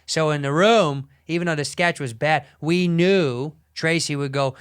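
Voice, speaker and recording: A man co-hosting a podcast, telling an animated, profane story in casual talk with frequent restarts. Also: fairly high pitch, a little slow, clean tone. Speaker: podcast co-host.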